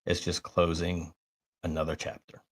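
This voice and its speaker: A man's voice: sits low, completely flat delivery, moderate pace. A man, a military veteran co-host, giving earnest, plainspoken advice. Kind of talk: casual podcast chat.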